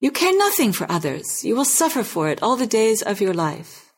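A woman's voice: fairly high pitch, very animated, moderate pace, husky, exaggerated voice. Woman reading a harsh, self-righteous older brother, accusing.

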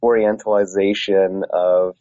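Man, author guest, lowish voice, casual, dull dry lo-fi sound. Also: level tone, unhurried, warm tone, dry recording. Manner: casual, lots of fillers. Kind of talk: casual interview answer.

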